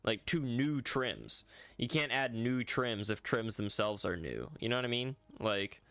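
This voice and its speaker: A man's voice: mid-range voice, a little slow, vocal fry, bright, forceful tone, no room sound. A man streaming a game, chatting casually and rambling to viewers with lots of "like" and "bro". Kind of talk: casual livestream chat.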